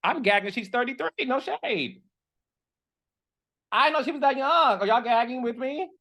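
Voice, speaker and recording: A man's voice: lively intonation, normal speed, sharp tone. A man hosting a reality TV gossip commentary, dramatic and sassy, talking straight to his viewers. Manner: dramatic, sassy, addresses viewers directly, leaps to high exclamations. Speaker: host of a reality TV gossip show. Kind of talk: animated casual commentary.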